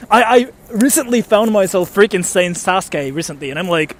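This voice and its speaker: An excitable young man chats on a livestream in a fairly high voice. He rambles, tosses in filler words and mild swearing, and keeps it loose and animated. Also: normal speed, a little hiss or hum. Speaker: livestream host reading donations. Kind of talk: casual livestream chat.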